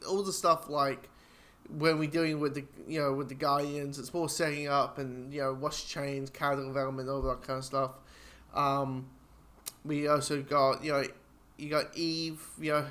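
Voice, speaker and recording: A man's voice: on the high side, a bit bright. Guy rambling through a show review, swears a lot, voice jumps way up when he acts stuff out. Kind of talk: casual spoken review.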